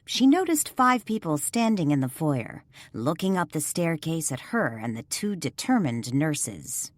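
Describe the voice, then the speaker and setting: A woman narrating a ghost mystery audiobook in an expressive storytelling voice. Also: deep voice, no echo, clean studio sound. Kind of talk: scripted narration.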